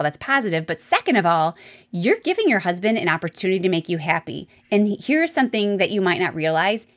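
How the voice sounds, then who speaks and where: A woman hosting a solo advice podcast as a marriage coach, talking straight to her listeners in a chatty, animated way. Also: mid-range voice.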